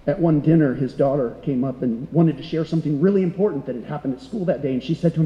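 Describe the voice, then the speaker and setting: A man's voice: fairly high pitch, quick pace, few pauses, dull audio. A middle-aged man preaching a sermon as pastor, conversational and full of rhetorical questions. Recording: echoey hall.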